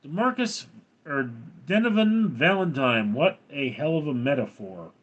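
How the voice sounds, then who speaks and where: An older man hosts a casual livestream, reading comments aloud one by one. He talks slowly and dryly, with a deadpan edge. His pitch rises and falls a lot as he answers. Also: slightly rough, lo-fi sound. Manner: reads viewer comments aloud, dry and deadpan. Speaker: livestream host reading chat.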